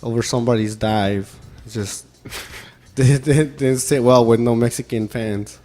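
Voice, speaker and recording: A man co-hosting a podcast, talking soccer in animated, casual chat with loose grammar and quick laughs. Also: medium pitch. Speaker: podcast co-host, soccer pundit.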